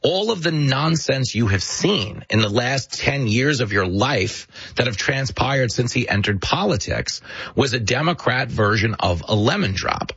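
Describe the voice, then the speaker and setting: Animated, husky-voiced male commentator. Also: mid-range voice, no echo, highs cut off. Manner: animated, mocking storyteller. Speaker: show host. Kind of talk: political commentary monologue.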